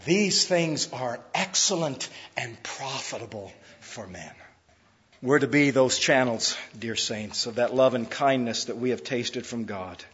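A man preaching a sermon as pastor, repeating words for emphasis and swinging from loud, pressing lines down to soft, quiet ones. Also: medium pitch, takes it slowly, husky. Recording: muffled recording with long hall reverb.

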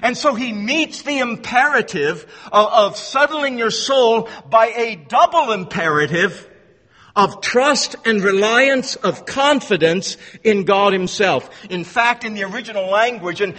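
A man delivers an earnest expository sermon in a high, bright, ringing voice. He repeats words as he restarts and leans hard on key phrases. It is heard through a long hall reverb. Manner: slows down to stress key phrases. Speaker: pastor.

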